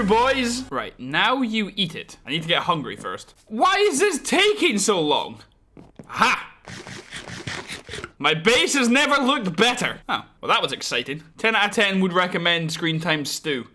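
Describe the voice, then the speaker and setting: Excitable young man, high bright voice. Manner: chatty, self-mocking, excitable. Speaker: let's play host. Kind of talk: casual gameplay commentary.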